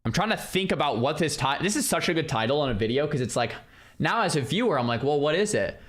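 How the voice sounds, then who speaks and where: A man's voice: fairly high pitch, big pitch swings, fast talker, fairly bright tone. A man hosting a stream, chatting to viewers in casual reaction commentary, often repeating himself. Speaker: streamer host.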